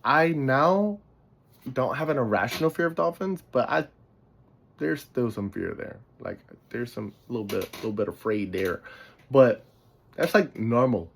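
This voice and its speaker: Sleepy and yawning, a male podcast host from the Bronx, New York, rambles through a casual storytelling monologue, losing his thread and swearing offhandedly. His medium-pitched voice is animated but a little slow and creaky. A little hiss or hum sits in the recording.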